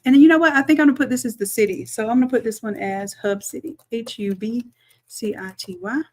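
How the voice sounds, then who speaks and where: A woman, a design instructor chatting through a live-streamed software tutorial, talking to viewers as y'all and thinking aloud as she works. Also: a little high, a little fast.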